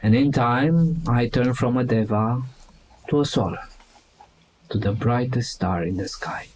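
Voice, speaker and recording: A man's voice: mid-range voice, darkish tone, slight background noise, close to an everyday voice, rough recording. A man voicing a solemn ascended hound spirit. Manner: slow, solemn, mournful.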